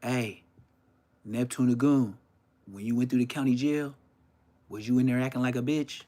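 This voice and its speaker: A man hosting his podcast in a loud, rambling, profane rant. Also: mid-range voice, fairly even intonation, normal speed. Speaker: podcast host. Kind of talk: casual ranting podcast monologue.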